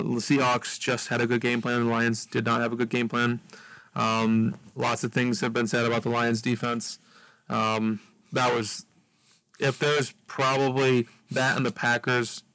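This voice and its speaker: A man co-hosting a sports podcast, giving measured analysis with frequent ums. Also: medium pitch, a bit bright, dry recording, rough recording. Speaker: podcast co-host. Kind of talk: casual sports talk.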